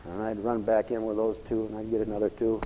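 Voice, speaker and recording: A man preaching a sermon, telling stories and acting out the lines of the people in them, dropping to a hush and then building to fervent cries. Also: fairly low pitch, completely flat delivery, quick pace, very noisy. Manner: storytelling with acted-out quoted dialogue, swinging from hushed to fervent cries. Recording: long echoey hall reverb.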